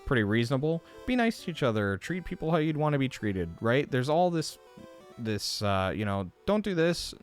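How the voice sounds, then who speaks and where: A man hosting a live stream, ranting in a rambling, profane, animated way with many fillers. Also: medium pitch, moderate pace, soft background music. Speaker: livestream host. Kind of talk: casual livestream chat.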